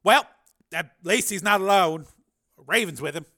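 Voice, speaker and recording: A man's voice: high voice, lively intonation, a little slow, bright, forceful tone, voice pushed up, exaggerated voice. A male narrator voicing a harried middle-aged doctor who exclaims in exasperation.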